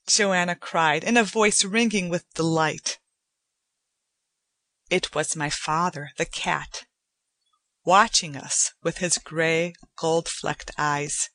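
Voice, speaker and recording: A woman giving a measured, deliberate audiobook narration of a story. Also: on the low side, expressive, sharp tone, dry recording. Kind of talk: scripted narration.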